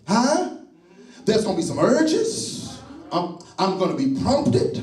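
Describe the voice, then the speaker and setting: A high-voiced male preacher delivers a sermon with call-and-response rhythm, repeating phrases and swelling into shouts. He is caught from a distance in an echoey sanctuary. Faint music sits under him. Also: wildly swooping pitch, slow pace. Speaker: pastor. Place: church sanctuary.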